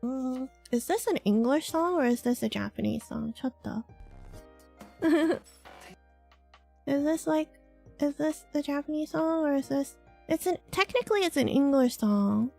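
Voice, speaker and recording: A woman's voice: high-pitched, expressive, unhurried, gravelly, long pauses, darkish tone, soft background music. A woman from Hong Kong chatting casually with her live-stream chat, laughing often and reacting to viewers. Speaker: VTuber streamer.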